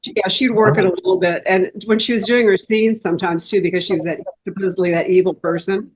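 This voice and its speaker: A woman's voice: medium pitch, steady tone, fast talker, breathy edge, rough recording. A woman, an actor guest, reminiscing casually and chattily, often restarting her sentences.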